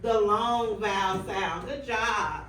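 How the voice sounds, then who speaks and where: A woman student teacher running a phonics drill with a class, calling out words slowly and clearly. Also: mid-range voice, fairly bright tone, slight background noise. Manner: stretches out target words clearly. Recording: echoey room, mic far off.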